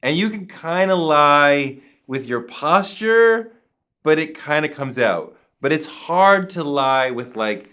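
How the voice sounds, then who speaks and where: A man's voice: on the high side, animated, slow, pushed and bright, clean tone. A man being interviewed who tells a story emphatically, acting out other people's lines and swearing casually. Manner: acts out quoted voices, emphatic, swears casually. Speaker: interview guest.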